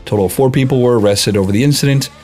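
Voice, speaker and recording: A man's voice: medium pitch, very fast, darkish tone, soft background music. A man co-hosting a podcast in casual chat, reading news stories aloud in an easygoing way with fillers.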